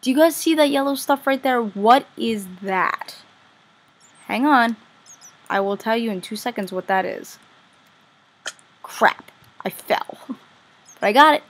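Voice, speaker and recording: A woman commenting casually on her own game play as a vlogger, chatty and easily excited, gushing over what she finds. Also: on the high side, slow, long pauses. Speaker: gaming vlogger.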